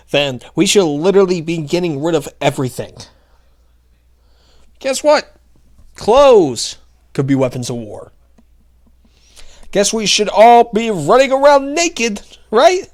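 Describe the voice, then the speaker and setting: A man's voice: high voice, sing-song, unhurried, long pauses. A male commentary host ranting in a sarcastic, heated, mocking way.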